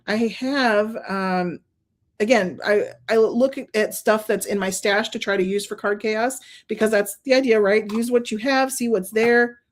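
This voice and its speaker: A woman hosting a card-making stream, chatting casually and laughing often as she thinks aloud while working. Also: medium pitch. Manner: gushing, openly emotional. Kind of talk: casual crafting demonstration.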